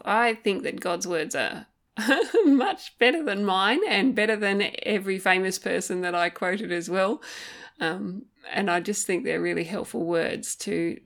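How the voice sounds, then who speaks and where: Earnest woman podcaster, gentle and reflective. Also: on the low side, gravelly. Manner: gentle, earnest, thinking aloud with many ums; faith-based encouragement. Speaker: podcast host. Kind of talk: reflective solo podcast talk.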